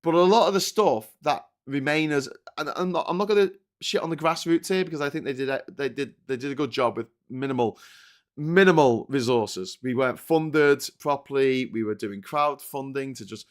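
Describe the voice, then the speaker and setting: A Liverpool-accented man hosting a live political stream, furious and foul-mouthed as he rants. He fires off rhetorical questions and curses freely, with a voice of middling pitch. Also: moderate pace. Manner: angry, sweary, ranting, rhetorical questions. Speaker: political commentary host.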